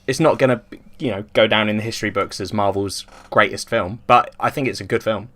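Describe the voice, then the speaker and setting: A man's voice: on the low side, fairly even intonation, fairly quick, a bit bright. Dry, sarcastic man. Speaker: podcast co-host. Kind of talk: casual film discussion.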